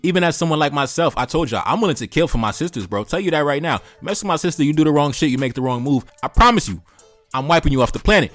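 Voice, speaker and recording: Man, rapid-fire emphatic lecture, dry close sound. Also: fairly high pitch, animated, fairly bright tone, no room sound, soft background music. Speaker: commentary channel host. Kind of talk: preachy direct-to-camera commentary.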